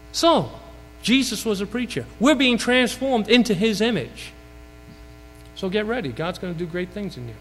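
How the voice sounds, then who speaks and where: Brooklyn-accented preacher with a lively voice. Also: male voice, big-room sound, a little hiss or hum, poor audio. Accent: Brooklyn New York. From Brooklyn, New York. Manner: storytelling, asks the audience questions, rises and falls in pitch for emphasis. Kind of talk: sermon.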